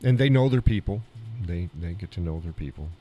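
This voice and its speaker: A man's voice: sits low, expressive, a little fast, highs cut off, soft background music. An American man hosting a live stream, chatting in a rambling, folksy way. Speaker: live show host. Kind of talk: casual chat on a live stream.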